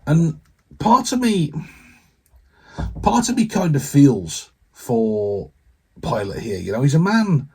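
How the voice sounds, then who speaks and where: A man, a vicar, preaching an earnest, conversational sermon with emotional pauses. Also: fairly high pitch, sing-song, dark tone, husky.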